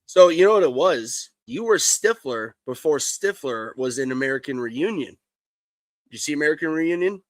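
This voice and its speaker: A man's voice: a little high, expressive, moderate pace, no room sound. Man animatedly retelling a movie scene. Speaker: co-host. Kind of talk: casual live-stream chat.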